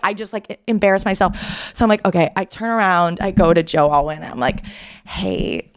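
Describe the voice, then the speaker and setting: A woman podcast host in casual chat, telling a story in an animated, self-deprecating way with quick asides. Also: fairly low pitch.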